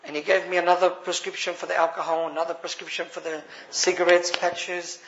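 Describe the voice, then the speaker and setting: A man's voice: high-pitched, little pitch movement, fairly quick, fairly bright tone. A man with an Australian accent giving an earnest personal testimony to a gathering, addressing the listeners as brothers. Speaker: speaker sharing a personal story. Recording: dull lo-fi recording.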